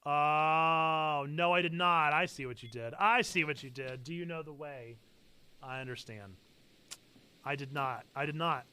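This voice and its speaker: A man hosting a live game stream, chatting casually and yelling excitedly at what happens on screen. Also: a little high, a little slow, smooth. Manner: excitable, yelps and shouts at the game. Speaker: streamer host.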